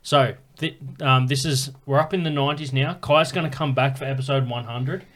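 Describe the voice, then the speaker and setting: A man hosting a comedy podcast in relaxed, swearing banter, laughing along with his guests. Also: medium pitch. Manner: laid-back, swearing, quick to laugh. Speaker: podcast host. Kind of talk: casual chat.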